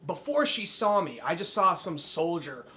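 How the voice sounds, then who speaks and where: A man's voice: a little high, sing-song, moderate pace, bright, forceful tone, slight background noise. A man co-hosting a podcast in casual chat, hesitant and full of "like", laughing as he talks. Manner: hesitant, many likes, laughs into his lines. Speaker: podcast co-host.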